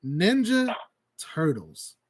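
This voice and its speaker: An excitable man hosts a casual call-in chat, his voice sitting high and sounding dry and close. He laughs often and trips over his words as he goes. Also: drawn-out words, slightly rough, no echo. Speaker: host.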